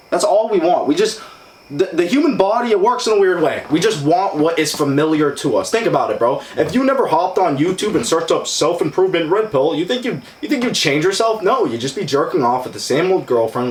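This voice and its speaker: A man's voice: fairly high pitch, echoey room, poor audio. A young man co-hosting a motivational podcast, brash and profane, preaching with lots of "bro". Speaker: co-host. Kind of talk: casual motivational podcast chat.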